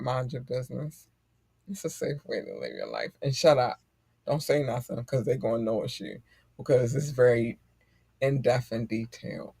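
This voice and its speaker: A middle-aged man hosting a casual podcast chat, animated and profane and quick to laugh. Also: mid-range voice, vocal fry, slightly rough, dry recording, clean studio sound. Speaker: podcast host.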